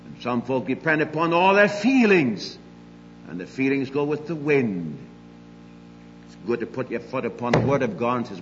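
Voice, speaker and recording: An older man preaching a sermon, emphatic, moving between loud declarations and quiet asides. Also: mid-range voice, very animated, moderate pace, long reverb tail, dull audio, a little hiss or hum.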